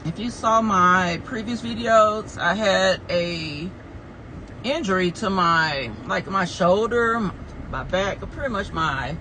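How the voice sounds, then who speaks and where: A woman's voice: mid-range voice, slow pace, pushed and bright, slight background noise, low-quality recording. A woman chatting casually to her phone camera in a day-in-the-life vlog, rambling from one thought to the next. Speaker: vlogger and small business owner.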